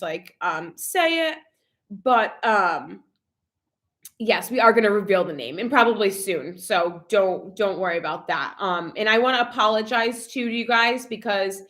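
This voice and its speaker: A young woman vlogs in a relaxed live chat, reading comments from viewers and getting emotional, her speech packed with "like." Her voice is mid-range and a bit bright.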